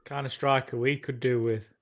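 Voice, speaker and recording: A man co-hosting a football watchalong, throwing in short, relaxed banter. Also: mid-range voice, moderate pace, vocal fry. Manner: laid-back banter, short interjections. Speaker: co-host. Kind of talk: casual football watchalong chat.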